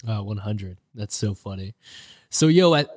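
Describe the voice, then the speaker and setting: A man's voice: lowish voice, animated, measured pace, a little mellow. A man hosting a podcast, chatting in a laid-back way, laughing easily and calling his guest bro. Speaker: podcast host. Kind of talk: casual chat.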